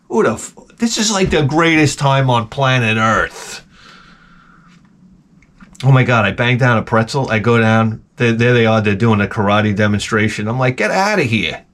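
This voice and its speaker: Middle-aged guy hosting, cussing and rambling through funny stories, keeps restarting, mid-range voice. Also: mid-range voice. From Long Island, New York. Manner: profane, animated storytelling with many restarts. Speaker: host. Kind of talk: rambling comic monologue.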